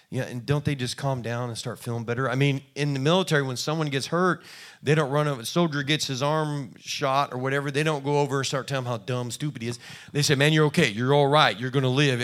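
A man preaching a sermon in a conversational, folksy way, acting out little quoted exchanges. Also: fairly high pitch. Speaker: pastor.

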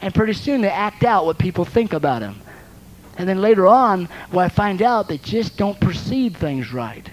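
A woman preacher delivering a sermon to her congregation. She exhorts her listeners and often stumbles over repeated words as she pushes her point forward, in a voice of everyday middle pitch. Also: very animated, normal speed, low-quality recording.

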